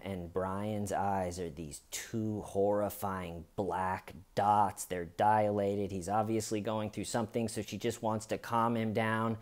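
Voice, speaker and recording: A man hosting a podcast, telling a true crime story in a deliberate, dramatic way with long pauses. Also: lowish voice. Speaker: podcast host.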